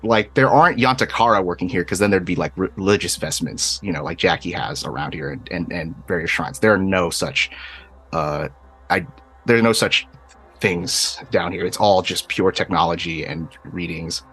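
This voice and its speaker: A man's voice: deep voice, moderate pace, fairly bright tone, husky. A man running a tabletop game, describing scenes loosely with lots of fillers, over faint music. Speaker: game master.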